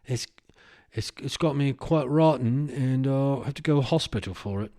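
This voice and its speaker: A man's voice: medium pitch, normal speed, mellow, close to an everyday voice. A man putting on a mock-serious British accent, voicing a grave British man reading aloud in a slightly raised voice. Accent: put-on British.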